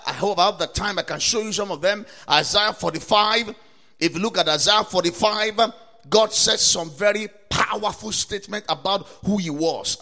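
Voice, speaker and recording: A man preaching a sermon to listeners, asking rhetorical questions again and again, citing scripture verses and building up to emphatic shouts. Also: high voice. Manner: quotes and cites scripture verses. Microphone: recorded for broadcast to listeners or viewers.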